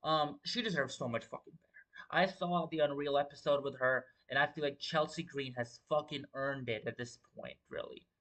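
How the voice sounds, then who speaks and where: Young male livestream host, loose and profane, rambling commentary, mid-pitched voice. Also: moderate pace, a bit bright. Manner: profane, rambling, repeats filler words. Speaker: wrestling show host.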